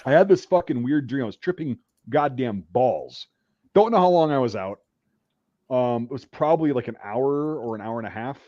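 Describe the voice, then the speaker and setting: A man's voice: medium pitch, animated, moderate pace, dark tone, no room sound. A man hosting a podcast, telling a rambling war story in casual, profanity-heavy talk. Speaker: podcast host. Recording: dull dry recording.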